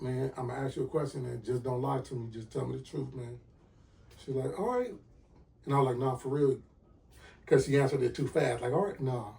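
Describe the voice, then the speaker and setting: A man hosting a podcast, telling a personal story with lively acted-out dialogue and sound effects. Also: medium pitch, gravelly, distant mic. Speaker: podcast host.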